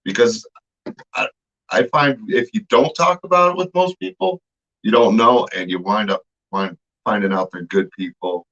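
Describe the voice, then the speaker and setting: A man hosting a relaxed interview chat, agreeable and a bit halting as he restarts his thoughts. His voice sits low, and the recording sounds dull and lo-fi. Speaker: host.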